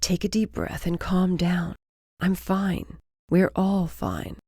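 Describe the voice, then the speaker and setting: Female narrator doing a rough young man, low, dry, muttering under his breath. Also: lively intonation, moderate pace, darkish tone, no room sound. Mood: coaxing.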